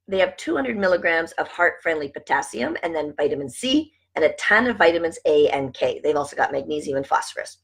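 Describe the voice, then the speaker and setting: A woman's voice: fairly low pitch, big pitch swings, normal speed, vocal fry, a bit bright, husky. A woman vlogger chatting casually to her viewers, reading aloud from a food book and asking "right?" over and over.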